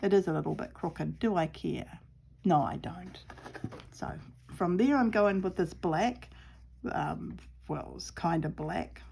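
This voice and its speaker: A woman's voice: lowish voice, slow pace, creaky, darkish tone, slight background noise. A middle-aged woman with a New Zealand accent, chatting away in a rambling, self-deprecating way as she sews outdoors at home, sometimes dropping to a murmur. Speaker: sewing vlogger. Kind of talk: casual crafting chat.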